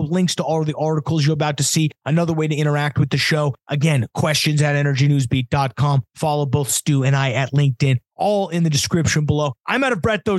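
A fairly high-pitched man co-hosts an energy news podcast in a loose, sarcastic rundown. He gets worked up and loud when he rants. The sound is dry and close. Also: no echo. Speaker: podcast co-host.

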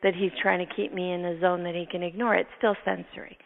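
Lively woman telling a story, gravelly, phone-like. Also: fairly low pitch, fast talker, slight background noise. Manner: lively, laughs often, acts out her own thoughts. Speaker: neurotherapist and podcast host. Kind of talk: storytelling in casual chat. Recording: tinny phone-line sound with long reverb.

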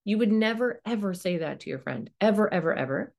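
A middle-aged woman giving a gentle self-help talk with a coaching manner, now and then acting out the voices in her head. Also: mid-range voice, animated, brisk, vocal fry.

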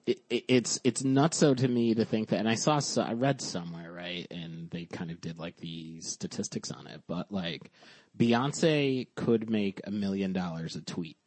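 A man hosting a podcast remotely, talking in a monotone, cursing casually and rambling with lots of fillers. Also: lowish voice, normal speed, dry recording. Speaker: podcast host.

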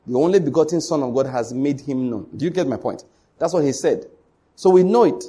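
A man's voice: a little high, quick pace, mellow, husky. A man preaching a sermon, emphatic and repetitive, often asking the congregation whether they follow.

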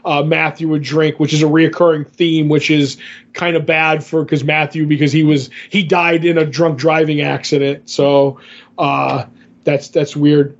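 Guy rambling about comics on a podcast, kinda high voice, muffled lo-fi audio. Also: level tone, unhurried. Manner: rambling, many fillers and restarts. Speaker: podcast co-host. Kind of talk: casual comic book discussion.

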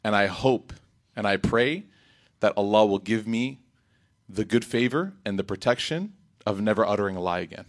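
A man giving an Islamic reminder talk in a lively, rhetorical way, breaking into quick Arabic recitation. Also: lowish voice. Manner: animated, rhetorical, acts out quotes. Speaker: religious speaker.

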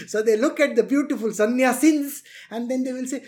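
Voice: mid-range voice, moderate pace, a little mellow. A spiritual teacher giving a lecture on renunciation, laughing often and acting out quotes.

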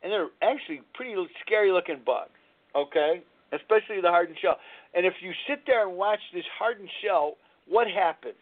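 A man's voice: high-pitched, a little fast. A man hosting a recovery talk radio show, telling a story in a rambling way and searching aloud for words, heard over a tinny phone-like line. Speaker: radio host.

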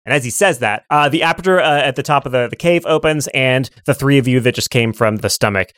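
A man's voice: medium pitch, quick pace, fairly bright tone, no echo. A man narrating as game master in a tabletop game, playful and rambling.

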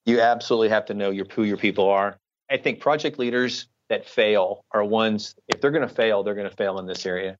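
Lowish guy talking leadership on a podcast, earnest, kinda muffled lo-fi sound. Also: fairly even intonation, fairly quick. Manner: earnest, explanatory, uses examples. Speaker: guest, retired Air Force colonel. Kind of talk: podcast interview answers.

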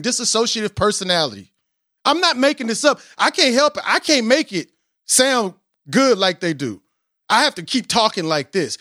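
A man hosting a podcast in a casual, animated way, mocking himself as he tries to rap and then explaining with preacherly emphasis. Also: high-pitched, no echo, studio quality. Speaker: podcast host. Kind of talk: casual podcast intro with attempts at rapping.

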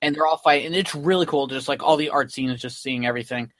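A man's voice: a little high, fast, a bit bright, no echo. A man hosting a podcast, casually retelling a comic in a rambling way full of ums and likes. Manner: rambling, filler-heavy retelling with many "like" and "um". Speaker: podcast host. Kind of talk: casual chat recapping a comic.

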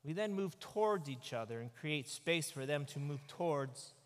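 A man, a pastor, giving an animated, conversational sermon into a microphone. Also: a little high, normal speed, a little hiss or hum. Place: church sanctuary. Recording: echoey church hall.

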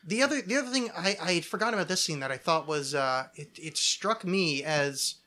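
A man's voice: on the high side, lively intonation, fairly quick, sharp tone. A man co-hosting a podcast in casual chat, rambling and joking, often cutting himself off. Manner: rambling, self-interrupting, jokey. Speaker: podcast co-host.

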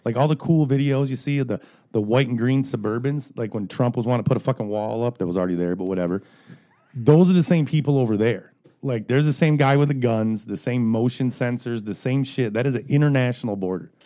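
A man's voice: medium pitch, brisk, dark tone. A man ranting in casual podcast chat, profane and joking.

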